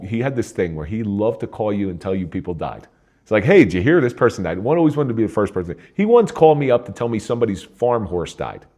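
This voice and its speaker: A man's voice: sits low, mellow. An older man from New Jersey, a retired police officer, telling a somber personal story in a plain-spoken way.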